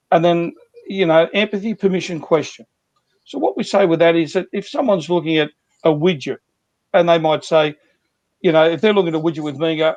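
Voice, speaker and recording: Brief: male sales coach, high voice, earnest and repetitive, dry dull call audio. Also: a little mellow, no room sound. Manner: earnest, repetitive, talks through examples. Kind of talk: guest explaining sales techniques.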